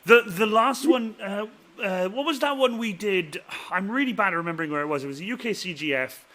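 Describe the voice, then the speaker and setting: Man telling funny stories on a live chat, trails off low at the end, sharp bright tone. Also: brisk. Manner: animated storyteller, voice drops low and trails off at the ends of stories. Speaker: host. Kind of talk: casual chat.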